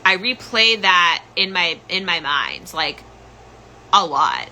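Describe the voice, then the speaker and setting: A woman's voice: lowish voice, very animated, takes it slowly, sharp tone, slight background noise, poor audio. A young woman hosting a podcast, telling a personal story in a rambling, casual way full of "like" and "um". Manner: rambling, filler-heavy, full of "like" and "um". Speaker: podcast host.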